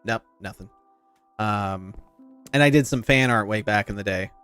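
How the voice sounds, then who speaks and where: In casual gaming-stream chat, a man with a slight lisp and nasal voice rambles on to his viewers. His pitch is fairly low, his tone smooth and a bit bright, and he speaks at normal speed. Faint music plays behind him.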